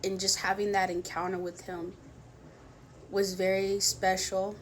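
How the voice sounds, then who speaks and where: A young woman telling a personal faith testimony in a soft, halting way, with many pauses and restarts, tearful at times. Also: medium pitch, little pitch movement, a little hiss or hum. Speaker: vlogger sharing a faith testimony. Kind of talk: personal testimony, emotional storytelling.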